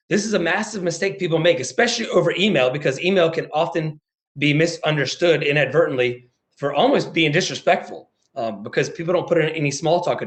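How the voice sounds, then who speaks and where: An American man, a motivational speaker, giving a lively sales presentation over a video call and acting out phone conversations. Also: fairly high pitch. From United States. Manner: animated, acts out phone calls in quoted voices.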